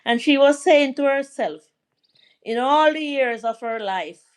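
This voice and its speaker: A middle-aged Jamaican woman hosts a live stream, telling a family story and answering viewers' comments in casual chat. Her voice is high-pitched and animated, and she speaks at a measured pace.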